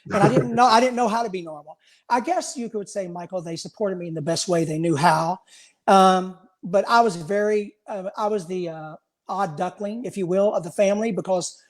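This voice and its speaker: A man's voice: high-pitched, moderate pace. Earnest storytelling man guest. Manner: earnest, repeats words, tells stories. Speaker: interview guest, former pro bodybuilder. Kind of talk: casual interview storytelling.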